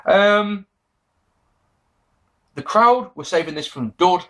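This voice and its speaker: In a casual, sarcastic monologue, a man reviews an old wrestling show, swearing freely, mocking what he watched, and mock-quoting people. His voice sits high and is expressive, slow, and a bit bright.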